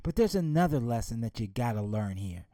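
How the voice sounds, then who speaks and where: A man voicing a calm, gentle father who soothes and reassures his daughter in a spoken story. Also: medium pitch, fairly quick, no echo, clean studio sound, voice pushed down, close to an everyday voice. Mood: calm, reassuring.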